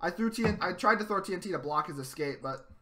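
A young man hosting a gameplay video, commenting excitedly and shouting during fights. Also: high-pitched, fast talker, noisy background. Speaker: gamer host.

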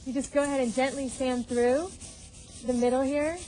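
A woman's voice: high voice, steady tone, moderate pace, dark tone, slight background noise, low-quality recording. A woman giving a hands-on painting demonstration, explaining each step and repeating phrases as she works. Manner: instructive, repeats phrases while working. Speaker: painting guest.

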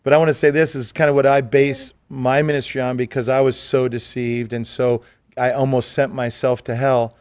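An earnest male pastor tells a personal story with emphatic conviction. His voice is smooth and resonant, and it sounds dry and close, with little room sound. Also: mid-range voice, level tone, normal speed, a little mellow, no echo. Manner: earnest, emphatic, talks over others. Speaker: pastor and co-host. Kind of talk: conversational storytelling.

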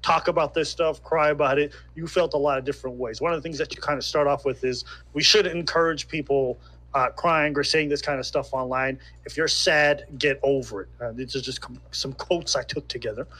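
Measured male podcast interviewer. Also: on the high side, fairly even intonation, bright, forceful tone. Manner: measured, with "uh" fillers. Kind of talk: interview question.

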